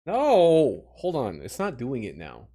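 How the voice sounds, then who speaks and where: A man's voice: mid-range voice, wildly swooping pitch, slow pace, mellow. A young man from Missouri chatting casually with his livestream audience, self-mocking and talking straight to chat.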